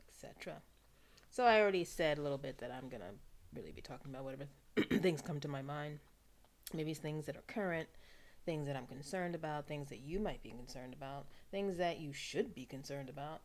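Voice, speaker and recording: A low-pitched woman from New York chatting to camera on her own channel. She talks in a loose, wry way, drifting into hushed asides between livelier remarks. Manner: chatty, wry, drifts into soft asides and playful put-on voices. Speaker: vlogger. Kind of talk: casual monologue to camera.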